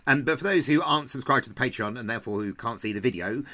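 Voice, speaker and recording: Man, posh English accent, bright voice, podcast host, friendly and hesitant. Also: medium pitch, lively intonation, quick pace. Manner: friendly, hesitant, with many fillers. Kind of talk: casual interview.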